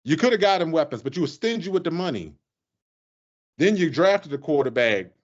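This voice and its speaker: Animated man ranting about football. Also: fairly high pitch, brisk. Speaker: podcast co-host. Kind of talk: casual sports chat. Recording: dull lo-fi podcast audio.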